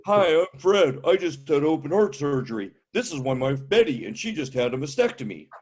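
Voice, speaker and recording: A man's voice: fairly high pitch, sing-song, fairly quick, a little mellow. A man voicing elderly party guests who cheerfully introduce themselves by their ailments. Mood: chirpy. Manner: cheerful, matter-of-fact oversharing. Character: boastful elderly men and women listing ailments.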